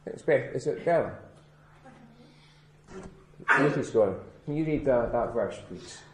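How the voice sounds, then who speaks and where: A man's voice: medium pitch, animated, very noisy. Man giving a children's talk in an echoey church. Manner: gentle, questioning children, slow emphatic repetition. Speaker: pastor.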